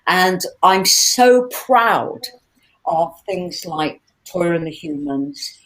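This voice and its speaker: A woman in her sixties, a singer chatting casually through a fan Q&A, lively and laughing as she tells stories. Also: fairly low pitch, very slow, rough recording. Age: 60s. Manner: chatty, animated and laughing when telling stories. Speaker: singer hosting a live Q&A. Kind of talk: casual chat answering fan questions.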